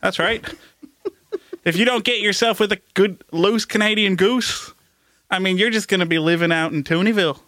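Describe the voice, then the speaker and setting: A man riffs deadpan through a comedy bit as a Canadian guest, his voice bright and forceful. The sound is dry and close. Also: sits high, moderate pace, dry recording. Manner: deadpan, laughing through lines. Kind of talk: improvised comedy chat.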